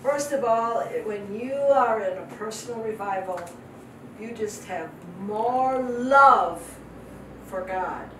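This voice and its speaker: Slow, heartfelt older woman preaching. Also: a little high. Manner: heartfelt and emotional, repeats phrases for emphasis. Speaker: guest speaker, missionary. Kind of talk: testimony sermon. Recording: echoey hall from far off, noisy.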